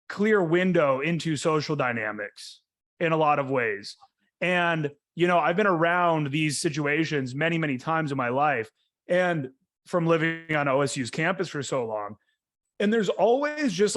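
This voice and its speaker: A man's voice: a little high, fairly bright tone. A young adult man hosting a casual podcast, talking bluntly and emphatically with lots of swearing. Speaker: host.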